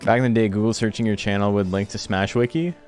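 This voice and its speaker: A man's voice: fairly low pitch, fairly even intonation, fast, a little mellow. A young man streaming from home, chatting casually and ranting about his viewers, swearing often. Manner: ranting, swears a lot, quotes chat in mocking voices. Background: faint background music.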